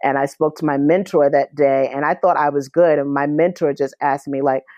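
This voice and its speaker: A woman's voice: sits low, fairly even intonation, moderate pace, mellow, no room sound, lo-fi sound. A woman as an interview guest, recounting her experiences earnestly and with emotion, often restarting her sentences. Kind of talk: personal storytelling in a podcast interview.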